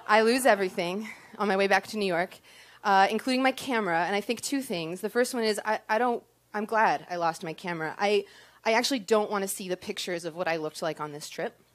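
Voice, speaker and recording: A young woman telling a comic personal story on stage to an audience, self-deprecating and full of ums. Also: mid-range voice.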